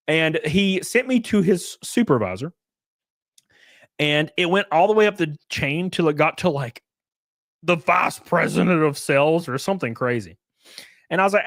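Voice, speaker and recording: A man hosting his own podcast, telling a long story in a casual, animated way, swearing freely and acting out the phone calls he made. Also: on the high side, moderate pace, no room sound. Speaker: streamer and podcast host.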